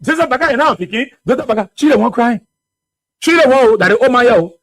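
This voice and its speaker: A radio talk show host with a Liberian English accent and a very high voice speaks quickly with no room sound. He delivers animated, mocking political commentary and laughs often.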